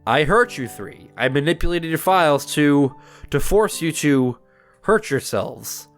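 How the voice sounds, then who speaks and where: Remorseful young woman, slow and subdued, read by a man. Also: fairly high pitch, animated, faint music behind. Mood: ashamed.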